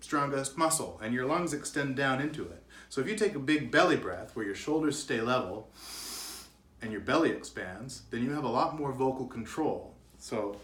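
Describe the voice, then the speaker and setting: A man coaching voice acting in a relaxed, joking way, chuckling often as he explains. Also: mid-range voice, reverberant. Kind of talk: casual instructional talk to camera.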